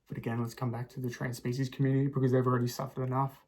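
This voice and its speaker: A man hosting a comedy show, delivering a satirical mock-outraged rant full of goading rhetorical questions, swinging between loud badgering and hushed self-pity. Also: mid-range voice, level tone, quick pace, long pauses. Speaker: host.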